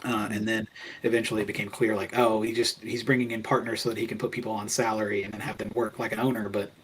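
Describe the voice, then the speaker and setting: A man's voice: lowish voice, flat delivery, quick pace, fairly bright tone, husky, poor audio. A man talking as a podcast guest, telling his business story in a candid, casual way full of "like" fillers. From Kentucky. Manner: candid, conversational, frequent "like" fillers.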